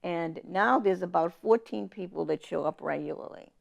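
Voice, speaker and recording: A woman's voice: lowish voice, moderate pace, gravelly. A woman from Massachusetts, an author telling family stories in a casual interview, acting out the people she quotes. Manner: animated storyteller, quotes family in lively voices. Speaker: author guest.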